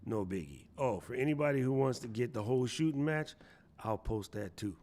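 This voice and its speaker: A man's voice: medium pitch, lively intonation, brisk, darkish tone. A man hosting a casual live stream, chatting playfully and answering viewers from the chat. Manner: playful, chatty, reads chat aloud, jokey voices. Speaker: livestream host.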